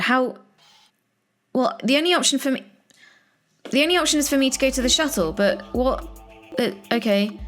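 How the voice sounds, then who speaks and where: Flustered woman playing a video game. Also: fairly high pitch. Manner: flustered and exclamatory, many fillers. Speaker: let's play host.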